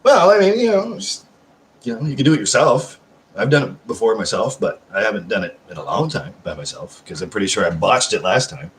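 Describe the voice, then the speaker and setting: Man, low-pitched voice, casual live chat, profane, rambling, at home. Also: sing-song, fairly quick, fairly bright tone, a little hiss or hum. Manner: rambling, profane, swears constantly; chatty, reads out and answers chat messages. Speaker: live-stream host. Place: at home, seated.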